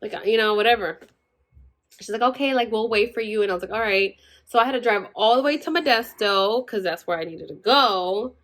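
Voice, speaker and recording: A woman's voice: mid-range voice, a little fast, fairly bright tone. A young woman casually telling a personal story, chatty and full of "like", acting out what everyone said. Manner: chatty, full of "like" and acted-out quotes. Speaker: vlogger telling her birth story.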